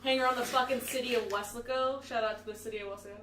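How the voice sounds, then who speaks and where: A woman's voice: fairly high pitch, racing. A young woman on a casual podcast, swearing freely and laughing as she tells a story about her teens. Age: young adult. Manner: swears freely, laughs often, animated retelling. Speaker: podcast co-host. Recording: echoey room, mic at a distance, chatter behind.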